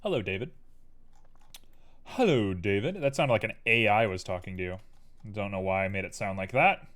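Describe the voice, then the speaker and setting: A man's voice: fairly low pitch, brisk, fairly bright tone. A man casually chatting on a live stream while he works, playful and talking to himself and his chat. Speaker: livestreamer and 3D artist.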